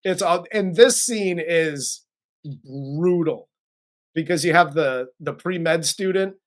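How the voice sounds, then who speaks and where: A host recapping and reviewing a horror film in casual chat, profane and animated. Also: medium pitch, takes it slowly. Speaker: podcast host.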